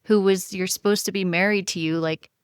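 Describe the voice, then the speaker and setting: A woman's voice: medium pitch, fairly even intonation, fairly quick, smooth, no room sound, studio quality. A woman co-hosting a book club podcast in casual chat, thoughtful and restarting her sentences now and then. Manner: thoughtful, many small restarts and agreeing murmurs. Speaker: podcast co-host.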